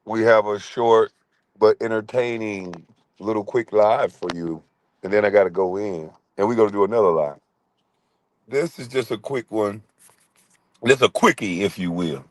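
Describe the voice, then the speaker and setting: A man hosting a casual live stream, brash and mocking as he roasts people and swings into loud, high put-on voices. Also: normal speed, dry recording. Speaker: livestream host.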